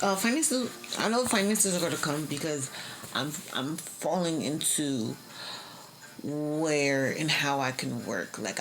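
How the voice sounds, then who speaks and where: A woman's voice: deep voice, gravelly, a bit bright, a little hiss or hum, poor audio. A young woman giving a casual tarot reading, slangy and profane, laughing often. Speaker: tarot reader.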